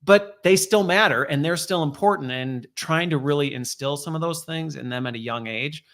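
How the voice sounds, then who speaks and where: A man's voice: fairly high pitch, normal speed, a bit bright. A man, a guest on a podcast, talking in a thoughtful, earnest way about raising his children. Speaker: podcast guest, father of seven. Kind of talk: casual podcast chat.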